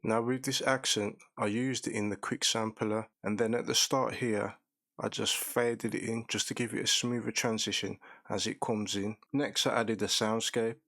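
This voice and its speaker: A man hosting a beat-making tutorial, walking through each production step in a calm, methodical way. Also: lowish voice, normal speed, gravelly, no room sound.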